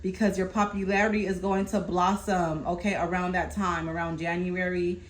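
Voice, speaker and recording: A woman doing a casual tarot reading, calmly relaying messages from spirit and often checking in with her listener. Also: on the low side, normal speed, slight background noise, low-quality recording. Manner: reassuring, keeps checking in with "okay?". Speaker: tarot reader.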